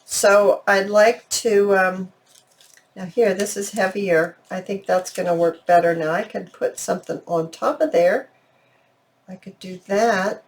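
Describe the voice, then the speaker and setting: A woman hosting a crafting video, thinking aloud in a chatty, unhurried way. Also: mid-range voice, steady tone. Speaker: crafting channel host. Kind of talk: casual craft tutorial narration.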